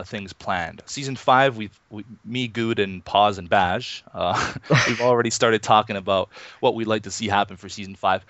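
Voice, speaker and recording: A man's voice: medium pitch, no echo. A man in his thirties, a guest on an interview show, chatting casually with lots of fillers and little chuckles. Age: 30s. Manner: relaxed, chuckling, many fillers and restarts. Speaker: interview guest, Minecraft YouTuber. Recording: dull, muffled lo-fi online call.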